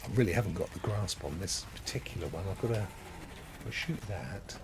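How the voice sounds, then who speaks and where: A man streams a game and rambles along in a low, gravelly voice that still bounces lively up and down. He chats and laughs often. Loud game sound rattles behind him. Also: fairly quick, noisy background. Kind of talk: casual gameplay commentary.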